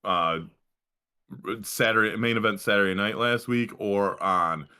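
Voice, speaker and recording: A man's voice: fairly low pitch, measured pace, pushed and bright, clean tone. A young man co-hosting a podcast, rambling casually about sports with lots of restarts. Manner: rambling, profane, full of restarts. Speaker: podcast co-host.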